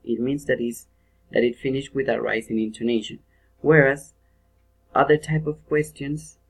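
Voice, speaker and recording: A young man teaching in a video lesson, working through each point step by step. He often stops to ask "okay?" and corrects his own wording as he goes. His voice sits at a middle pitch. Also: rough recording. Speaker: English pronunciation teacher.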